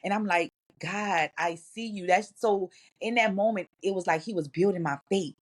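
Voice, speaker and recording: A woman in her thirties, a radio guest telling a personal faith story in an earnest, halting way. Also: medium pitch. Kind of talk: personal testimony in an interview.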